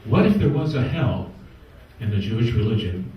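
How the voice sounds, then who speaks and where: New man, stand-up comic, deadpan setups; distant, heavy room reverb. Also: lowish voice, moderate pace, highs cut off. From New York. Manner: wisecracking, deadpan setups with punchlines. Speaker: stand-up comedian. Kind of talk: stand-up comedy set. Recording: echoey room from far off.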